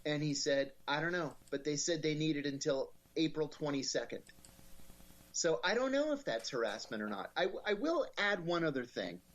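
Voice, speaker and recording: Wry, animated storyteller man. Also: fairly high pitch, moderate pace. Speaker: guest. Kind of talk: storytelling in an interview.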